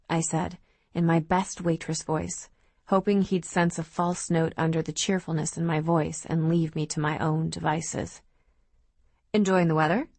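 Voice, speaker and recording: A woman narrating a novel in the first person with steady, even storytelling. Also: deep voice, gravelly, no echo. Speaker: audiobook narrator.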